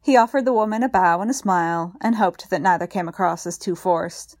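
A woman narrating a story in a calm, measured audiobook reading. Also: on the low side, no room sound, clean studio sound. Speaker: story reader.

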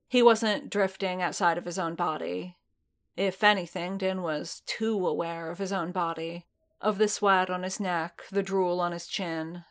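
A woman reading a piece of fan fiction aloud in steady, measured storytelling. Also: on the low side. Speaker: audiobook narrator.

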